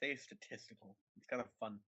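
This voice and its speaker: A man's voice: mid-range voice, fairly quick, husky. A man in his twenties chatting casually as a podcast co-host, swearing often and slipping into silly voices. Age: 20s. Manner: animated, swears a lot, does silly voices. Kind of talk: casual chat. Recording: dull lo-fi audio.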